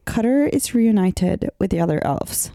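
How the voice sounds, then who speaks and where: A woman co-hosting a casual podcast, calmly talking through a comic's story. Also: mid-range voice, moderate pace, gravelly, dry recording, clean studio sound. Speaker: podcast co-host. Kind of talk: casual chat about a comic series.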